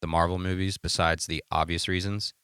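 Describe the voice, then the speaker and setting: A low-voiced man talks bluntly and profanely on a podcast, with a forceful, bright edge to his voice. He hammers home his opinions. The sound is dry and close. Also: flat delivery, brisk, clear, resonant tone, no echo. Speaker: podcast co-host. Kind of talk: casual chat.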